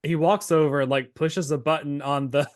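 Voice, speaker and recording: A man co-hosting a podcast, recapping a TV episode in casual chat, animated and laughing as he acts out the characters' lines. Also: a little high, moderate pace, no echo, clean studio sound. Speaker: podcast co-host.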